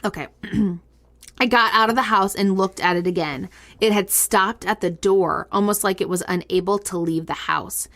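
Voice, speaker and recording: A woman co-hosting a casual podcast, reading listener ghost stories aloud with lively reactions and frequent laughs. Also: medium pitch, moderate pace. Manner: animated, laughs often, reacts with disgust. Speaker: podcast co-host.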